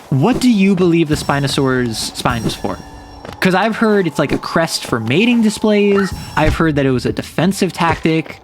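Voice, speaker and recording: A man chatting casually while streaming a game, rambling and saying "like" often. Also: on the high side. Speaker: VTuber streamer. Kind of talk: casual gameplay stream commentary.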